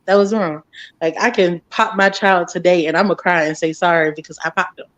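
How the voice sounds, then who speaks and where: A woman speaking softly and earnestly in a casual podcast chat. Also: lowish voice, fairly even intonation, a little fast, no room sound.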